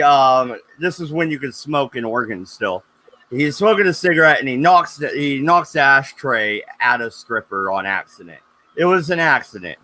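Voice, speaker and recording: A man's voice: medium pitch, pushed and bright, poor audio. A man hosting a casual talk stream, telling crude stories bluntly and laughing often. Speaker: host. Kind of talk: casual profane storytelling.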